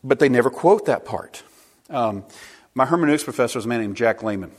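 A man's voice: medium pitch, expressive, fairly quick. A man preaching a sermon, emphatic and asking the congregation rhetorical questions.

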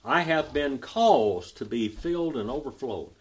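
In a Bible study, an older man with an Oklahoma Southern accent slowly spells out the Greek grammar. His delivery is folksy and drawling, and his medium-pitched voice is husky and animated.

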